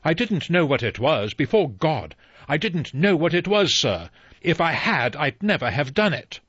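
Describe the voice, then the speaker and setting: A man's voice: mid-range voice, very animated, moderate pace, dry recording, pitched above the performer's own voice. A man reading an audiobook, voicing an anxious, deferential middle-aged butler who pleads earnestly. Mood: pleading. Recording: slightly dull dry recording.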